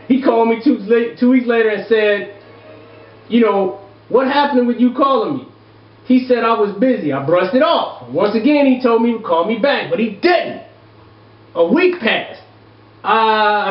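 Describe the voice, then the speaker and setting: Advice host, male, high voice, loud exasperated rants full of cursing, lo-fi echoey recording. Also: recorded from a distance. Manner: exasperated, loud, profane ranting. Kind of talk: reading and reacting to viewer letters. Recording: echoey room, dull lo-fi sound.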